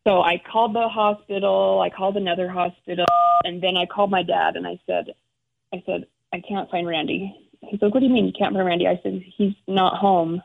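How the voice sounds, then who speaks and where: A middle-aged woman, a guest, telling an emotional personal story in halting, restarting speech. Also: fairly low pitch, steady tone, vocal fry. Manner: halting, restarts often, acts out quoted relatives. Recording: phone-like narrow sound.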